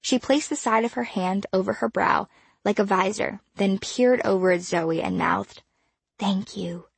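A woman narrating an audiobook in a measured, expressive storytelling manner. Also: mid-range voice, gravelly, husky, dry recording.

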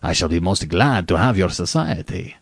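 A man reading a story aloud, voicing a suave, menacing aristocratic male hunter who speaks slowly and with courtly politeness. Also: low voice, animated, gravelly, breathy edge, no echo, studio quality, heavily acted. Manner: slow, measured, courtly. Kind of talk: audiobook reading.

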